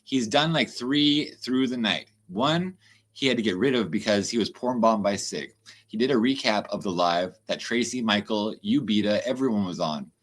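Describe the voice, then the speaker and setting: A man's voice: on the low side, expressive. A man hosting a livestream, ranting in a casual, heated way with lots of swearing and exasperated asides. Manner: profane, fast-shifting, exasperated. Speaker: livestream host.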